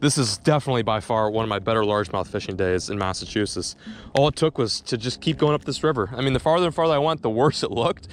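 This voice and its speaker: A young man filming a fishing vlog on a riverbank, talking excitedly and stammering when a fish bites. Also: medium pitch, quick pace, a little hiss or hum. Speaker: fishing vlogger. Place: outdoors on a river bank.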